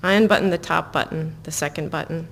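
A woman author reading her own novel aloud to listeners in an even, measured way, breaking off into casual asides full of fillers. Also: deep voice, creaky. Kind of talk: live book reading with chatty asides.

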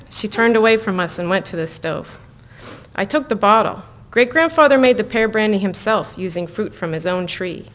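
A woman author reads her novel aloud in an even, measured way. Between passages she slips into loose, chatty asides full of ums, her voice at a middling pitch. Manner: even, measured reading; casual, filler-laden asides. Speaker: author reading her own book. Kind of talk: live book reading with chatty asides.

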